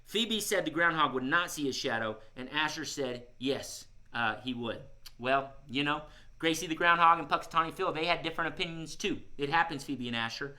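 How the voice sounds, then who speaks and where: A man's voice: a little high, a little fast, pushed and bright. A man hosting a live children's music show, playful and coaxing, who often says "y'all" to his young audience. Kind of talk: live-streamed kids' show chat.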